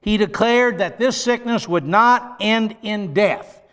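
A man's voice: sits high, slow, a bit bright, clear, resonant tone. A man preaching a sermon, reading scripture aloud and breaking in with emphatic, conversational asides. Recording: long reverb, large hall.

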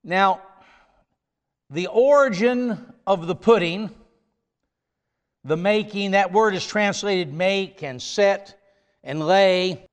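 A man's voice: high voice, takes it slowly, pauses often, clear, resonant tone, in a large hall. A man preaching a sermon, leaning hard on key words and drawing them out for emphasis.

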